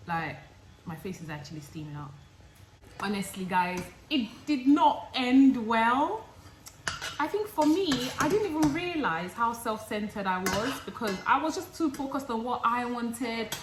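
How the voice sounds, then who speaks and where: A woman's voice: a little high, measured pace, echoey room, slight background noise, low-quality recording. A young woman, a vlogger telling a dramatic story while she cooks in her kitchen. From England. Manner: animated, dramatic storytelling that acts out both sides. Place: home kitchen.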